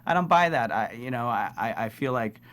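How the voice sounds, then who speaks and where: A man, a casting director, chatting as a guest in a talk show studio, animated and joking, often restarting with fillers. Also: mid-range voice, a little fast. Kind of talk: casual interview chat.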